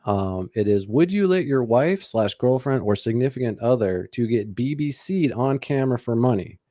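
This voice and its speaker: A man in his forties with a mid-pitched voice chats casually on a podcast. He swears freely and tells his stories with animated energy. The sound is dry and close. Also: normal speed, no echo. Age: 40s. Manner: profane, animated storytelling. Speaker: podcast co-host.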